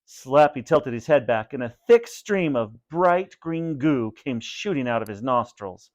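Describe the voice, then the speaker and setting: A man in the role of a teacher, giving students instructions and then reading a spooky storybook aloud in a plain, steady way. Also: medium pitch, measured pace. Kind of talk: read-aloud storybook narration.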